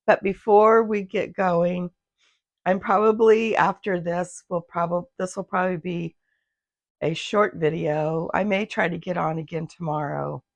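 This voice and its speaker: A woman with a slightly low, hoarse and gravelly voice, talking casually in her sewing vlog. She wanders off track and corrects herself as she goes. The sound is dry and close, caught on a phone in her home sewing room. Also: steady tone, measured pace, no room sound. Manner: rambling, loses her thread and restarts. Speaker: handmade business owner, vlogger.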